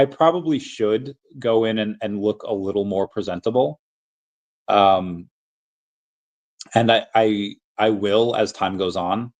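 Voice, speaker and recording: An American man with a rambling manner, full of restarts and fillers, chatting casually on a livestream while answering viewers. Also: lowish voice. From United States. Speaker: livestream host answering chat.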